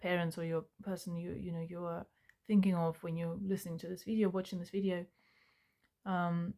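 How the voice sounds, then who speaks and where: This is a young woman, her voice sitting a little low. She talks to camera in an earnest, searching way. Her sentences stop and restart, with plenty of fillers along the way. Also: little pitch movement, normal speed, dark tone. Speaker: self-help vlogger. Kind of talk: reflective personal talk to camera.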